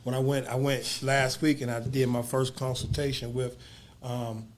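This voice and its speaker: A man's voice: mid-range voice, little pitch movement, normal speed, a little hiss or hum. A man hosting a podcast, talking casually and reflectively, restarting phrases as he thinks, with slang like "bruh". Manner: reflective, repeats words as he searches. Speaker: podcast host. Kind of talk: casual conversation.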